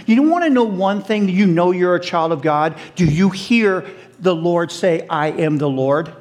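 A middle-aged man preaching a sermon, animated, asking the audience questions and laughing along with them. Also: high voice, moderate pace.

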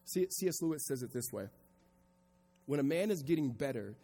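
A male pastor preaching a sermon to a congregation, moving from quiet reflection into loud, emphatic passages. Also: fairly high pitch, expressive, a little fast, breathy edge, in a large hall. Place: church hall with congregation.

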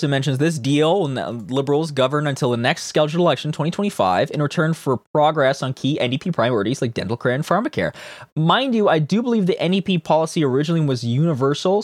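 A man's voice: mid-range voice, dry recording, clean studio sound. A man hosting casual political commentary from Canada, reading news quotes aloud and mocking them with profane, sarcastic outbursts.

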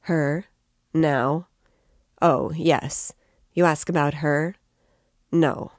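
A woman reading the part of a brooding, bitter young man in a storybook reading, slow and low in his scornful thoughts. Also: fairly even intonation, dry recording, studio quality. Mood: listless.

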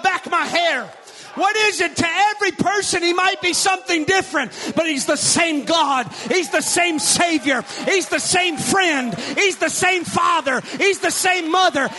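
High, bright-voiced male preacher. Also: slight background noise. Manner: repetitive, rhythmic preaching that rises to shouts. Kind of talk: sermon.

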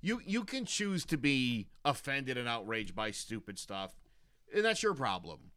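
Animated, bright-voiced man telling stories. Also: medium pitch, a little slow, slight background noise. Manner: animated storytelling with frequent restarts. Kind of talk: casual chat.

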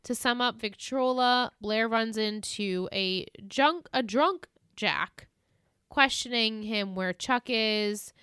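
A woman co-hosting a podcast in casual chat, recapping scenes with animated retellings. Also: on the high side, slow pace, clean tone, no echo, studio quality. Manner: animated retelling, acts out quoted lines in exaggerated voices. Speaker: podcast co-host.

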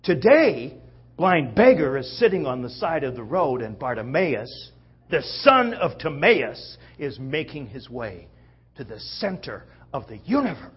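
A male preacher gives a sermon, telling the story vividly, acting out quotes and checking in with his listeners. His mid-range, slightly rough voice keeps a measured pace, and the recording is muffled.

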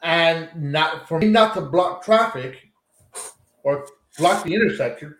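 A man with a fairly high voice tells a story in an animated way as a podcast co-host. He swears freely in a casual chat. The room around him sounds echoey. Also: unhurried.

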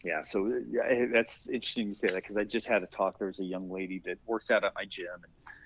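An older man with a fairly low voice tells stories about the firehouse, slipping into the voices of the people he quotes. The sound is dry and a bit dull, like lo-fi podcast audio. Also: fast talker, no echo. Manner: animated storyteller acting out quoted dialogue. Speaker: interview guest, masters athlete and former firefighter. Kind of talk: casual storytelling in an interview.

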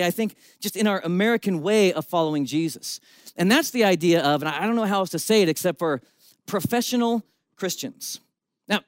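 A man, a pastor, preaching a sermon with a lively storytelling delivery and shifting emphasis. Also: high voice, dry recording.

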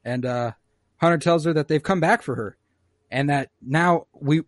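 A man's voice: a little high, dry recording, studio quality. Casual man recapping with profane asides. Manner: loose, profane, acts out lines in quick voices. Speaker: podcast co-host recapping an episode.

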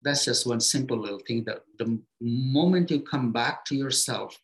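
A man giving a spiritual talk to his students as their teacher, speaking gently in short, unhurried phrases with pauses and simple everyday comparisons. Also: medium pitch, poor audio.

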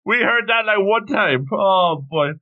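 High-voiced man tossing in quick quips. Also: animated. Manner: short quips and reactions. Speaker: podcast co-host. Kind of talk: casual chat. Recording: dull lo-fi sound.

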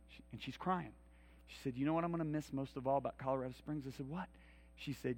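A man's voice: mid-range voice, quick pace. A middle-aged man preaching a sermon in a church, telling personal stories and leading a prayer. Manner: storytelling, animated, rising to loud pleas. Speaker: minister. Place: church hall.

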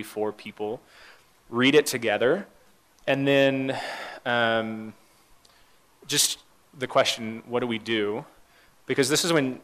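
Halting, conversational young male pastor. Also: fairly low pitch, fairly bright tone. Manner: conversational, halting with many fillers and restarts. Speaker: pastor leading a church talk. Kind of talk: informal sermon with group discussion.

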